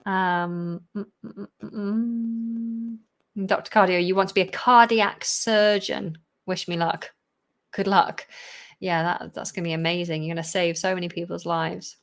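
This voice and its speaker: A woman's voice: fairly low pitch, fairly even intonation, moderate pace. Woman, live Q&A host, chatty, laughs often, a bit tired. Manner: chatty, laughs often, reads viewer questions aloud. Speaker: English teacher and channel host.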